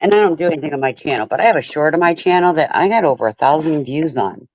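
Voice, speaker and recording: A woman's voice: deep voice, animated, fast, darkish tone, dry recording, low-quality recording. An older woman co-hosting a live panel in casual chat, bossy and blunt, swearing casually.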